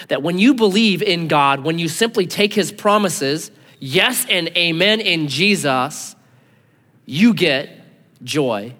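Animated man preaching in an echoing hall. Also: fairly high pitch. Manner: animated preacher, acts out voices, swings loud and soft. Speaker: pastor. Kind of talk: sermon. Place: large church hall. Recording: long hall reverb.

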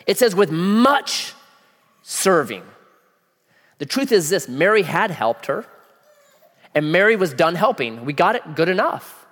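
A man preaching a sermon in a casual, animated way, using slang and asking the listeners questions. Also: sits high, measured pace, long pauses. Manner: animated, acts out voices of people in the story. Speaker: pastor. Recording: long hall reverb.

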